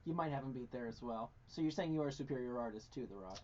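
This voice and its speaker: A man co-hosting a radio talk show, dropping wry, quick wisecracks into the casual chat. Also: medium pitch, expressive, dark tone. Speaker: co-host. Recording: slightly muffled broadcast audio.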